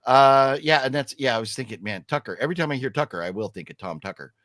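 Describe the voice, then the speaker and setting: A man's voice: medium pitch, fast, no echo. An older man co-hosting a live stream, reading chat comments aloud and joking casually. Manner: lively, reads chat comments aloud, jokey. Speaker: co-host. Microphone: streaming setup.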